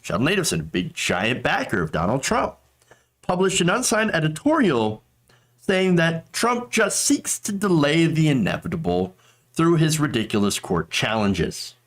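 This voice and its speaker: A man's voice: a little high, big pitch swings, moderate pace, fairly bright tone. A man hosting a political commentary show, talking in a sarcastic, mocking way.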